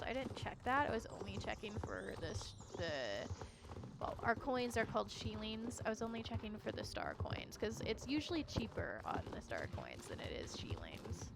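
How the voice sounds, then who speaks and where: Woman streamer, giddy chat, high bouncy voice, game music behind. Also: sing-song, normal speed, vocal fry, noisy background. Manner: giddy, chatty. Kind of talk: casual gameplay chat.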